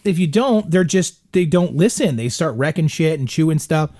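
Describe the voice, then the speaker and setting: Brief: middle-aged man, fairly high voice, loose anecdotal delivery, swears a lot. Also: lively intonation, normal speed, darkish tone. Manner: rambling anecdotal storytelling with swearing. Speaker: podcast guest. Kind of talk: casual chat.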